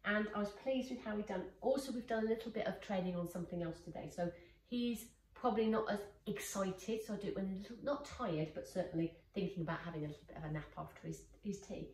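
A woman's voice: medium pitch, quick pace, darkish tone. A woman, a dog trainer demonstrating exercises in a casual, encouraging way. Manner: praising, encouraging. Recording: echoey room, far from mic, faint noise.

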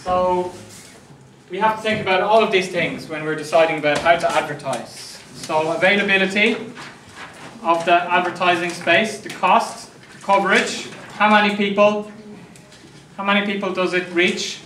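A man's voice: high-pitched, moderate pace, pushed and bright, slight background noise. A man with an Irish accent lecturing a class in a jokey way, often checking that students understand. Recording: echoey room, mic from far off.

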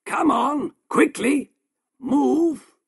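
A man's voice: sits high, wildly swooping pitch, takes it slowly, gravelly, pitched above the performer's own voice, heavily acted. A man voicing a pushy, fawning male showman shopkeeper in an eager, salesy way. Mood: impatient.

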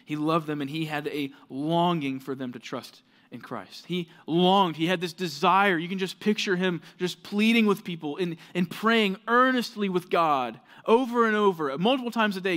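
A male pastor delivers a casual, heartfelt sermon, his voice sitting a bit higher than most men's. He talks as if chatting with the room, full of fillers and restarts, urging his points earnestly. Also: moderate pace, a bit bright. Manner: conversational, earnest preaching with many fillers.

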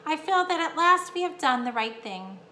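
Casting: a woman reading an anxious mother mouse in a storybook, high and worried. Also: sing-song, moderate pace, sharp tone, exaggerated voice. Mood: fretful. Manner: fretful, anxious questions. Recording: echoey room, faint hum.

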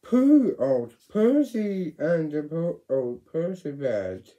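Slow, animated man reading a children's story. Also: on the high side, low-quality recording. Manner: animated, with sudden loud exclamations and whispered asides.

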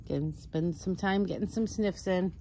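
A woman's voice: on the low side, normal speed, mellow, a little hiss or hum. A woman caring for foxes at a sanctuary, chatting to them in a cooing pet voice outdoors. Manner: coos and chats to the foxes in a sing-song pet voice. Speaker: fox sanctuary caretaker. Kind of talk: casual talk to animals while filming. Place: outdoor animal enclosures.

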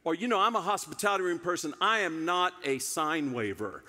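Brief: man playing a self-important grumbling volunteer, bright forceful whine, long hall echo. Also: fairly high pitch, lively intonation, a little fast, exaggerated voice. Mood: boastful. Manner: whiny, boastful complaining.

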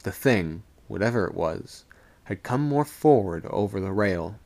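A man reading a ghost story aloud on a live stream, slow and suspenseful. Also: fairly low pitch, expressive, a little mellow.

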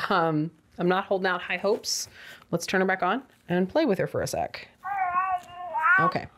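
A young adult woman giving a casual toy review, with sarcastic, exasperated asides. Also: medium pitch.

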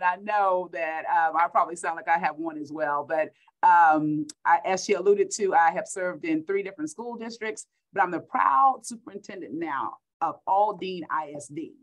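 A woman's voice: lowish voice, normal speed, low-quality recording. A middle-aged woman from Texas with a Texan accent, a school superintendent giving an upbeat keynote speech over a video call, repeating words for emphasis.

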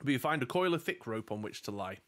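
Guy reading out a fantasy gamebook, steady, middle pitch. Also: quick pace. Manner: steady storytelling with jokey asides. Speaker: game master reading a gamebook. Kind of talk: narrating a gamebook live play.

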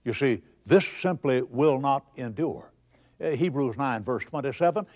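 A man's voice: mid-range voice, expressive, moderate pace, a little mellow, muffled recording. A man preaching a broadcast sermon, asking rhetorical questions and answering them himself with emphasis.

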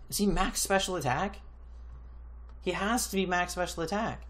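A man's voice: high-pitched, moderate pace, fairly bright tone. A man giving live gameplay commentary, thinking aloud in an exasperated way and swearing constantly as he mutters to himself. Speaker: gaming YouTuber.

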